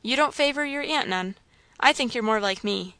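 A woman's voice: on the high side, expressive, moderate pace, sharp tone, clear, resonant tone, dry recording. A woman voicing a meek, sly old rustic man who talks in a drawling rural dialect with dropped word endings. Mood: grateful.

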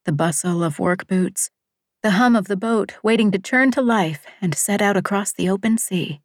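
A woman narrates an audiobook in a hushed, lyrical way, telling a first-person novel. Her pitch is medium and her pace moderate. The recording is dry, with clean studio sound.

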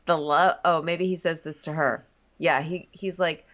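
A woman's voice: low-pitched, steady tone, measured pace, fairly bright tone, highs cut off. A woman co-hosting a casual chat, retelling scenes in a gossipy, playful manner. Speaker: podcast co-host.

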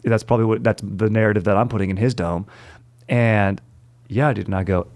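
Laid-back bro-talking man, low voice. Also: brisk. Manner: laid-back bro slang, animated storytelling. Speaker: podcast host. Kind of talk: casual chat.

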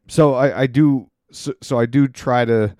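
A man's voice: medium pitch, steady tone, slow pace, dark tone, no room sound, studio quality. A man co-hosting a casual chat about his marriage, earnest and reflective, often restarting his sentences. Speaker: co-host.

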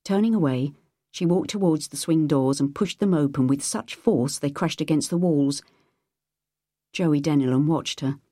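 With a deep voice and measured delivery, a woman narrates an audiobook like a storyteller. The clean studio sound has no trace of the room.

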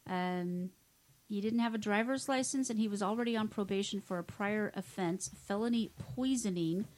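A woman's voice: mid-range voice, normal speed, darkish tone. A woman co-hosting a podcast, reading out crime stories with wry, sarcastic asides in casual chat. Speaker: podcast co-host.

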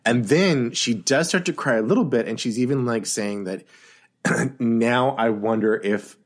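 A woman co-hosting a podcast in casual chat, low-key and giving short agreeing murmurs. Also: animated, moderate pace, husky. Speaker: podcast co-host.

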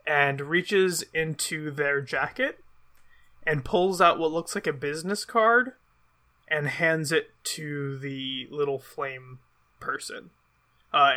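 A man narrating as game master in a tabletop game, in a measured, descriptive way. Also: a little high, sharp tone.

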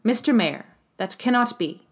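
A woman's voice: mid-range voice, a little fast, close to an everyday voice. A woman voicing a stern, rigid male police inspector who speaks firmly, respectful yet unyielding. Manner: firm, respectful but unyielding.

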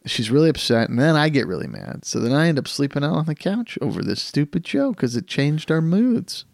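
A man with a gravelly, fry-laced voice holds forth on a casual podcast, circling back and restarting his points as he goes. He sits close to the mic in a dry, dead room. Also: a little high, a little fast, dry recording. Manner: rambling, animated storytelling with many restarts. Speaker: podcast co-host.

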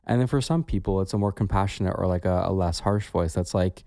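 A man's voice: lowish voice, a little fast, hardly any pauses, warm tone, no room sound, clean studio sound. A man co-hosting a podcast, talking in a reflective, casual way with many "like" fillers. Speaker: podcast co-host.

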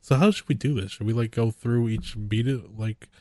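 A man in an easygoing movie chat, talking in an animated way and swearing freely. His voice sits at an average pitch. The sound is dry, with almost no room echo. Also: normal speed. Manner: animated, swears often, laughs a lot. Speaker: podcast co-host. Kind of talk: casual film review chat.

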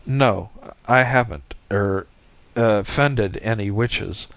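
A man reading as a fretful, polite older man who speaks hesitantly and slowly. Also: on the low side, a bit bright, no room sound. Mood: mild, weary. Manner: hesitant, apologetic, slow.

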